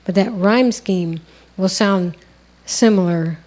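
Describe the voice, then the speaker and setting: A woman's voice: medium pitch, slow pace, darkish tone. A woman co-hosting a songwriting lesson, explaining step by step in a conversational way. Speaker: songwriting co-host. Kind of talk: instructional conversation.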